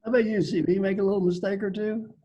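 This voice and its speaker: An older man from Kentucky, speaking on a video call panel as a coaching speaker, tells stories in a folksy, joking manner and repeats phrases for emphasis. His voice is high-pitched and steady with a breathy edge, and he talks fast; the audio sounds dull.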